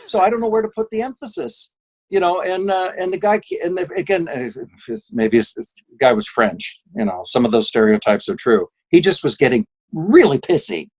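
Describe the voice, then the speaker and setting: A man, a voice actor guest, telling lively anecdotes in a casual interview and slipping into quick impressions. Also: high-pitched, low-quality recording.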